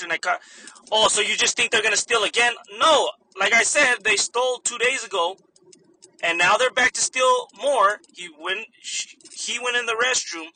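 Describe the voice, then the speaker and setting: A man's voice: sits high, pushed and bright. A young man, a store manager, animatedly telling a story in a casual vlog, swearing freely and laughing often.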